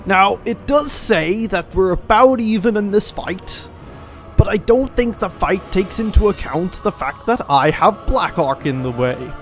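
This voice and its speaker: A man's voice: high-pitched, animated, a little slow, soft background music. Man hamming up a pirate voice. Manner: keeps up a hammy pirate voice with yar growls. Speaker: co-host and player. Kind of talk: casual gameplay chat.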